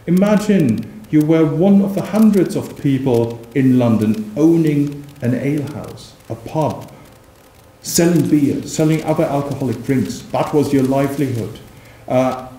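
A man giving an academic lecture as a visiting professor, measured and emphatic, reading old verse aloud with stress. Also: on the high side, animated, warm tone, a little hiss or hum. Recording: roomy lecture room.

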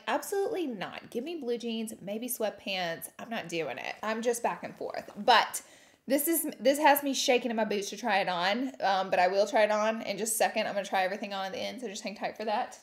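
A woman in her thirties hosting a casual unboxing vlog, chatty and bubbly, laughing often. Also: fairly high pitch. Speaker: beauty YouTuber host.

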